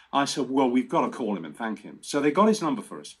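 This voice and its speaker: Brief: sixties male guest, husky, quick talker, lively storyteller. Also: medium pitch. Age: 60s. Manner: chatty, animated storyteller with restarts. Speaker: guest presenter. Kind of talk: casual storytelling.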